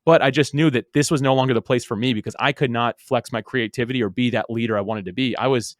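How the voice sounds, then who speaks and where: A man's voice: mid-range voice, no echo, studio quality. A man in his thirties, a podcast guest, telling his story casually with lots of "like" and repeated words. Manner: rapid, full of "like" and repeated words.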